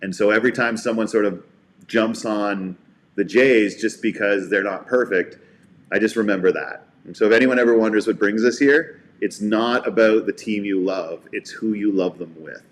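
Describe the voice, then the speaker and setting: A man with a fairly low voice co-hosts a sports chat show and drifts into long, heartfelt stories about the ballpark. He talks casually and easily, and his tone grows sincere as he gets to the point. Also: moderate pace, a little hiss or hum. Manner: warm storytelling, heartfelt. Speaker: podcast co-host.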